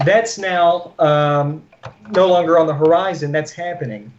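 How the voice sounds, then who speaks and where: A man co-hosting a podcast over a video call, joking in a deadpan way. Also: a little high, a little slow, highs cut off, a crowd in the background. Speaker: podcast co-host. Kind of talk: joking casual chat.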